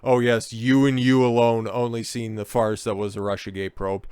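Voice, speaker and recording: A man delivers a heated, profanity-laced political rant full of sarcasm. His voice is smooth and resonant with a mid-range pitch, and the sound is dry and close. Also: little pitch movement, normal speed, a little mellow, dry recording. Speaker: political commentator. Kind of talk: ranting video commentary.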